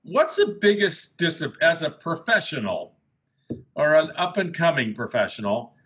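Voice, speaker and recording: A man's voice: on the high side, very animated, measured pace, a bit bright, husky, lo-fi sound. A man hosting an interview, giving short, encouraging replies. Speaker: interview host. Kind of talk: casual interview.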